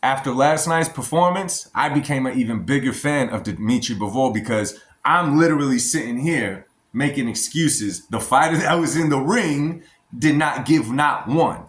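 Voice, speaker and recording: An American man talks in a casual, emphatic vlog style and keeps addressing his viewers directly. His voice sits at an ordinary middle pitch. The sound carries a noticeable room echo. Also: expressive, normal speed. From United States. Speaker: boxing commentary vlogger.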